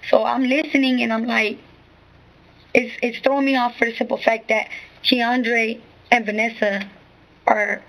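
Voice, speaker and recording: A woman's voice: on the high side, level tone, measured pace, long pauses, fairly bright tone, low-quality recording. A woman recounting events to an interviewer in street slang, rambling and repeating herself. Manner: rambling, repeats "you know what I'm saying". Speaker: witness giving a statement.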